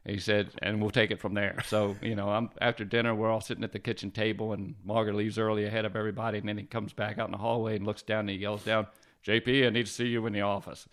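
A man's voice: lowish voice, level tone, fairly bright tone. A man, a guest and fire lieutenant, recalling old firehouse pranks in a chuckling way, quoting the people involved. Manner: quick, chuckling recollection with quoted dialogue. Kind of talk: casual storytelling chat.

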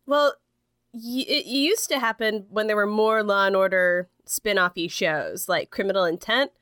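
A woman's voice: mid-range voice, moderate pace, a bit bright, smooth, dry recording, studio quality. A young woman co-hosting a podcast in casual chat, rambling with lots of fillers and laughing easily. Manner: rambling, heavy use of "like", frequent laughs. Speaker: podcast co-host.

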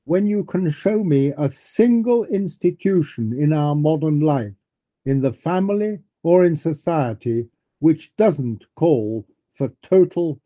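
A man's voice: a little high, mellow. A man voicing a blunt, dismissive young nihilist in a dramatic reading of a novel, with a curt, scornful delivery. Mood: defiant.

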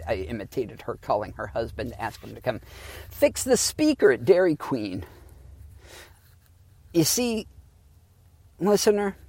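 A man rambles sardonically through a solo podcast and swears freely. His voice is gravelly and mid-pitched, and it is recorded dry and close on a phone in the back seat of a car. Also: darkish tone, no room sound. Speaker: podcast host. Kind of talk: casual solo podcast rant.

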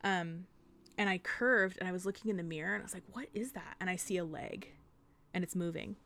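Lower-pitched woman telling a story. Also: brisk. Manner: animated, swearing, vivid retelling with acted-out quotes. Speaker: podcast co-host. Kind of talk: casual storytelling chat.

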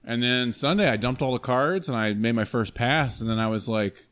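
A man on a casual podcast, a guest photographer, talking in a rambling, halting way with many fillers. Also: mid-range voice, fairly bright tone.

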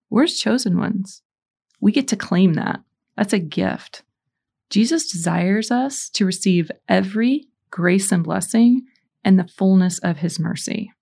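Gravelly-voiced woman sharing her faith. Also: mid-range voice, a little mellow. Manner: earnest, encouraging, conversational with fillers. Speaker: Catholic podcast host. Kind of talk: faith podcast teaching and prayer.

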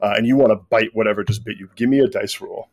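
A man narrating a tabletop role-playing game as game master. He talks in a relaxed, casual way and often stops to search for words. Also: on the low side, quick pace. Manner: relaxed, hesitant with fillers.

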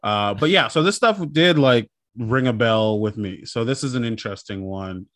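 A man co-hosting a casual podcast chat, animated and profane, often slipping into quoted voices. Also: on the low side, moderate pace, dry recording, studio quality. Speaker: podcast co-host.

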